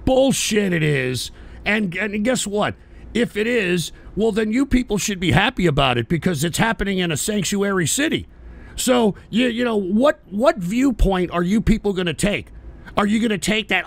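A male talk show host ranting at his audience in a profane, combative way, often shouting. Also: sits high, animated, normal speed, vocal fry. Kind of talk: live call-in talk show rant.

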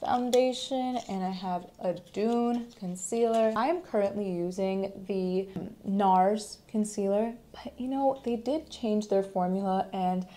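A woman's voice: medium pitch, a little slow, hardly any pauses, mellow. A young woman vlogging to camera, chatting with enthusiasm about beauty products and talking to her viewers as guys. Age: young adult.

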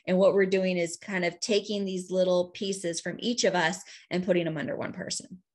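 A woman's voice: on the low side, steady tone, moderate pace, darkish tone. A woman presenting casually on a video call, chatty and heartfelt, with many fillers. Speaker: state program director.

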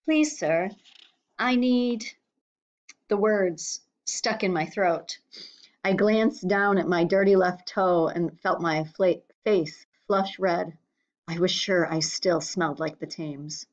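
A woman reading a novel chapter aloud for students, with steady, clear storytelling. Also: lowish voice, takes it slowly. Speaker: reader. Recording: slightly dull lo-fi recording.

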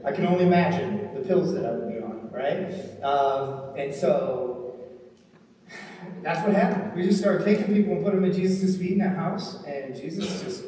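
A man's voice: fairly high pitch, warm tone. A man from Ohio telling his testimony in a sermon, earnest and storytelling, with frequent ums and "right?" tags. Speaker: preacher and recovery ministry leader. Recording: echoey hall from far off, faint noise.

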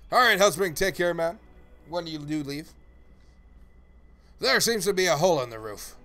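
A man's voice: on the high side, expressive, normal speed, pushed and bright. A man live-streaming a game, chatting playfully and greeting viewers by name as he plays. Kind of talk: casual live-stream chat.

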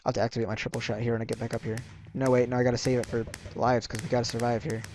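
A man giving rambling live commentary over his own gameplay, reacting loudly and quickly with mild exclamations. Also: mid-range voice, little pitch movement, a little hiss or hum. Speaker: gaming channel host.

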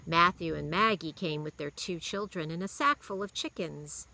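A woman reads a children's novel aloud with a steady, expressive delivery. Her voice is pitched a little low, yet the tone is bright and crisp. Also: normal speed, poor audio. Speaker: reader.

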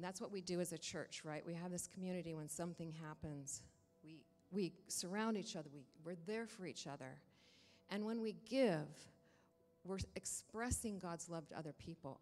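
A woman stands before a church congregation and tells a personal story, her voice fairly low in pitch. She is lively, acting out the lines of the people in the story. The sound carries the long reverb of a big sanctuary. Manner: lively storytelling that acts out quoted dialogue. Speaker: church member giving a testimony.

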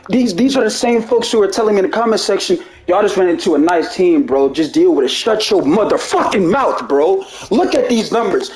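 This gaming YouTuber's extremely high, slightly mellow voice comes through poor audio in an echoey room. Heated and angry, he rants at his viewers about gameplay, swearing repeatedly, saying the same things over, and finishing lines with "bro."

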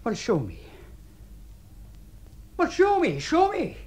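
A man's voice: a little high, sing-song, moderate pace. An actor in a radio drama playing an awkward workman who stammers and hesitates. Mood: flustered. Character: awkward flustered male workman. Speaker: the Plumber.

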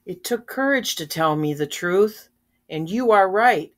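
An older woman reading a children's storybook, voicing a kindly old male sultan in a soft, fatherly way. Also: mid-range voice, lively intonation, measured pace, lightly acted.

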